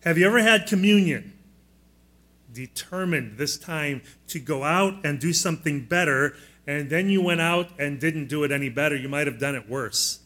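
A man's voice: a little high, moderate pace, pushed and bright. A man preaching a sermon as pastor, plainspoken and teacherly, often putting questions to the congregation and guiding them through fill-in notes. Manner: teaching style, walking listeners through note blanks.

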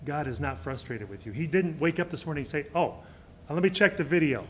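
A middle-aged male pastor preaching a sermon, swinging between loud emphatic peaks and quiet, soft passages. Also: a little high, expressive, fairly quick.

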